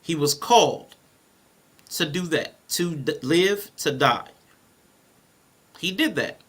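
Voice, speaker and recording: A man co-hosting a casual panel podcast, reading Bible verses aloud and walking through his points in an animated way. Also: on the high side, slow, breathy edge. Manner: animated, reads scripture aloud and explains it. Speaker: podcast co-host.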